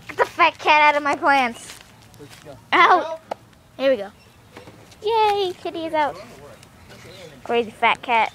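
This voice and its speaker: Very high-pitched girl coaxing her cat. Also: expressive, takes it slowly, pauses often, fairly bright tone, a little hiss or hum. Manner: high-pitched coaxing and baby talk, laughing. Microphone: handheld camera.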